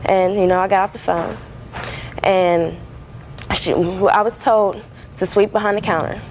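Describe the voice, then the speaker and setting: A woman's voice: mid-range voice, steady tone, unhurried, darkish tone, slight background noise, poor audio. Rambling woman defendant testifying. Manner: rambling, many fillers and restarts. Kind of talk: courtroom testimony.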